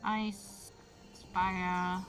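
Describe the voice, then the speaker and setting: A woman from Britain with a bright, forceful voice, chatting and teasing on a game stream. Faint game music sits behind her. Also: on the low side, level tone, very slow. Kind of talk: casual gameplay chat.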